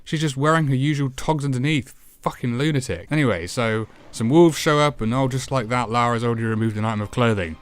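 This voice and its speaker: A man's voice: mid-range voice, fast, hardly any pauses. A man narrating a retro game review in a sarcastic, profane way, swearing often.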